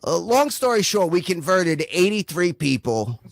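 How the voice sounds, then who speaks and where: A man's voice: high-pitched, sing-song, moderate pace, vocal fry, a little hiss or hum. Rambling foul-mouthed comedian, man. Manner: rambling, swears constantly, says "right?" often. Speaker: stand-up comedian. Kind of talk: profane stand-up set.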